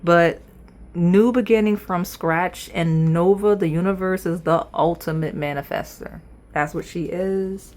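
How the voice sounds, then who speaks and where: A woman's voice: lowish voice, darkish tone, a little hiss or hum. A woman reading tarot cards in a chatty, playful way, talking straight to her viewers. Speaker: tarot reader. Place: indoors at a table.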